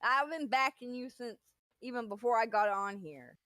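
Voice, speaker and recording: A woman's voice: a little high, animated, moderate pace, a bit bright, no room sound. A woman chatting on a livestream, reacting playfully and sounding impressed. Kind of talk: casual livestream chat.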